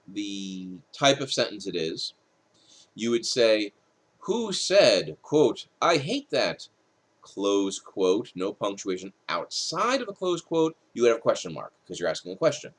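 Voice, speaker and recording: Tired late at night, a male writing instructor with a fairly low voice reads rules from a textbook in a recorded lecture. He explains them with casual asides.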